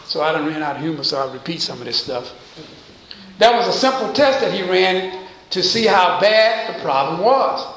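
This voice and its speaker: High-voiced preacher in an echoing church. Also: male voice, expressive, normal speed, a bit bright. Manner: call-and-response questioning of the congregation. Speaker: pastor. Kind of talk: sermon.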